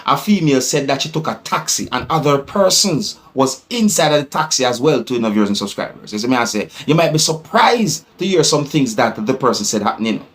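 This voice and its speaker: A man's voice: mid-range voice, expressive, fairly quick, hardly any pauses, fairly bright tone. A man with a Jamaican accent giving casual vlog commentary, musing and rambling, with frequent "you see me" tags. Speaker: vlogger commenting on news clips.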